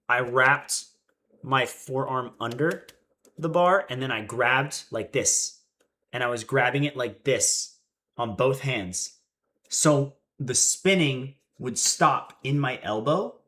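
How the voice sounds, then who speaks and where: A young man in his twenties chats casually with his stream audience. His voice is bright and a bit tense, and he tells his stories with animation, acting out the quotes. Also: medium pitch. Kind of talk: casual livestream chat.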